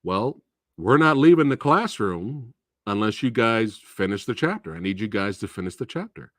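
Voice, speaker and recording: A man's voice: fairly low pitch, very animated, moderate pace, fairly bright tone, no room sound, studio quality. A man voicing an exasperated schoolteacher lecturing his class. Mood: stern. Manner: stern, lecturing. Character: exasperated male schoolteacher, stern.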